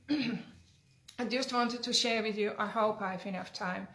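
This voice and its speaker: A woman healer speaking in an earnest, conversational teaching manner, weaving in a fable. Her voice sits at a middle pitch. The recording has a roomy echo. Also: slow, fairly bright tone. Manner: earnest, conversational, frequent tag questions. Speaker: energy healer. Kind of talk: teaching talk with storytelling. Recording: echoey room.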